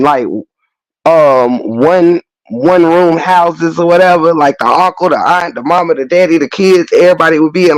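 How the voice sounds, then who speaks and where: A man's voice: fairly high pitch, no room sound, poor audio. A man hosting a commentary stream, ranting bluntly with heavy slang, cursing and mocking. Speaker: commentary host. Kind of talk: unscripted rant.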